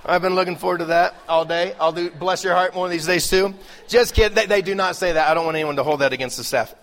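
A middle-aged male pastor preaching a lively, joking sermon, swinging between loud bursts and hushed asides. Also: fairly high pitch, fast talker. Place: large church hall. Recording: live sermon with long hall reverb.

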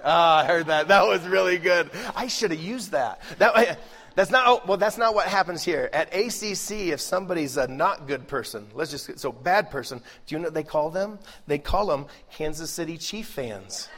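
A middle-aged male pastor preaching a lively, joking sermon, swinging between loud bursts and hushed asides. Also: a little high, moderate pace. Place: large church hall. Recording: live sermon with long hall reverb.

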